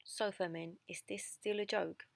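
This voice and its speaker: A woman voicing a hot-tempered male opera director in a storybook reading, indignant and loud. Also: mid-range voice, steady tone, a little slow, gravelly, no room sound. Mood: angry. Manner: shouting, indignant.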